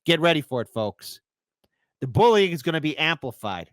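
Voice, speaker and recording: A man's voice: fairly high pitch, big pitch swings, moderate pace, no room sound, clean studio sound. A man hosting a political commentary stream, reacting sarcastically to clips and reading viewer comments aloud.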